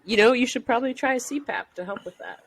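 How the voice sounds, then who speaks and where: A woman's voice: on the high side, quick pace, soft background music. A woman co-hosting a podcast over a video call, chatting in a playful, teasing way. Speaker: podcast co-host.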